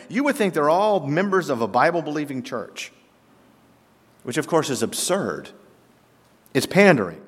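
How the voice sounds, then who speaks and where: Emphatic male preacher in an echoing hall. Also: fairly high pitch. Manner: emphatic preacher with rhetorical questions and swings in loudness. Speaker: pastor. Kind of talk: sermon. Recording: long reverb of a large hall.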